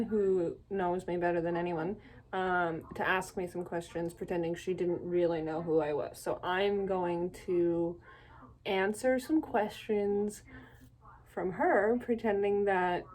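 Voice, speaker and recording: A young woman from Canada chatting on her own in a casual vlog, rambling from one thought to the next and laughing at herself. Her voice sits at an ordinary middle pitch and she talks in a relaxed, self-deprecating way. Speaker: vlogger.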